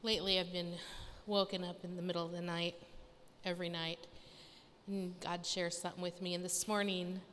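A woman gently sharing a personal spiritual experience with a church group. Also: on the low side, flat delivery, normal speed, slight background noise. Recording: long hall reverb with faint ambience.

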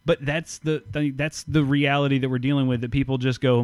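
A man's voice: mid-range voice, level tone, a little fast, a little mellow, no room sound. A man hosting a casual podcast, blunt, emphatic and full of swearing. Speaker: podcast host. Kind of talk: casual profane podcast chat.

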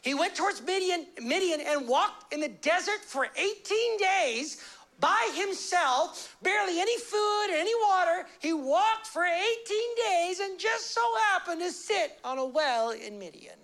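A male pastor gives a sermon in a conversational style, with lively intonation and a slightly bright voice. He acts out quick little character voices and shifts his pace and pitch a lot.

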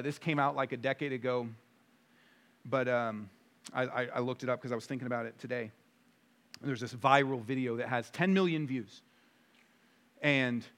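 In a mid-range voice, a pastor preaches a sermon emphatically. He piles on rhetorical questions and swings between quiet stretches and loud bursts.

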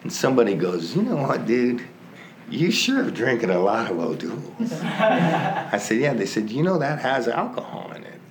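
A man telling his own recovery story in a slow, conversational, self-mocking way, often breaking into laughter. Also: mid-range voice, sing-song, a little hiss or hum. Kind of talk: storytelling testimony.

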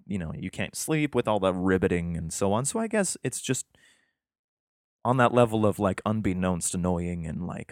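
A man's voice: on the low side, no room sound, studio quality. A man reading scripture aloud and breaking off into profane, rambling, sarcastic asides in casual commentary. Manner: slow emphatic reading of scripture passages.

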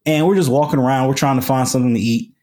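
A man's voice: mid-range voice, rapid-fire, dark tone. A man, a podcast guest, telling a story in a casual, colloquial way with lots of fillers and restarts. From United States.

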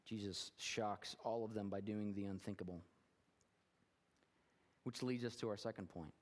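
A man's voice: fairly low pitch, fairly even intonation, moderate pace. Earnest male pastor preaching with reverb. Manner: earnest, building to fervent emphasis. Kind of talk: sermon.

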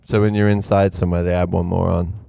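British comedian guy, kinda low voice, dry close sound, just chatting easy in a bar. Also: little pitch movement, quick pace, vocal fry, warm tone, clear, resonant tone, dry recording. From Britain. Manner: laid-back storytelling, tries out accents. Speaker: comedian guest. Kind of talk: casual podcast chat.

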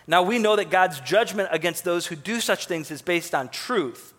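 Guy giving a chatty sermon, kinda high voice, big hall echo. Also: lively intonation, moderate pace, a bit bright. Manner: conversational, with fillers and asides. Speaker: preacher.

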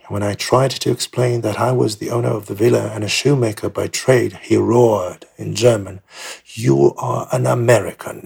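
A man reading a first-person memoir as an audiobook in a measured, plain storytelling manner. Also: lowish voice, vocal fry, husky. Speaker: memoir narrator.

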